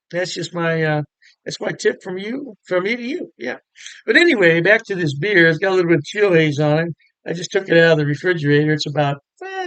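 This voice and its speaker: A man's voice: high-pitched, a bit bright, no echo. A man giving a casual, chatty beer review to camera, upbeat and full of fillers.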